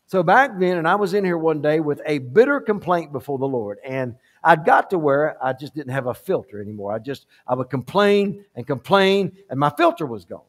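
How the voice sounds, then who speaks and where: A male pastor preaching a sermon in a church sanctuary, emphatic and repetitive, swinging from quiet, low asides to loud climaxes.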